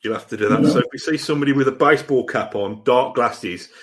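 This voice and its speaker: Fast-talking male host, playful and teasing, casual chat. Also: medium pitch.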